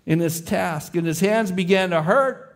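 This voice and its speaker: In an unhurried, high-pitched voice with vocal fry, a male pastor shares an illustrative story, giving the boy and father their own voices. He closes by guiding the congregation in a hushed prayer.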